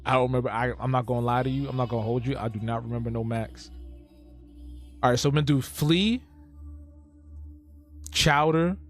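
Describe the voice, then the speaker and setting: A man's voice: mid-range voice, brisk, long pauses, faint music behind. A man streaming live while he draws cartoons, joking and reacting to his chat as he thinks aloud.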